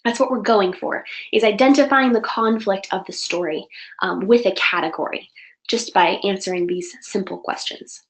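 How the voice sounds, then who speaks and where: A woman's voice: medium pitch, moderate pace, poor audio. A woman teaching an online writing class to children, talking in a chatty, encouraging way and correcting herself as she goes. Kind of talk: live online class instruction. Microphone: computer mic for online class.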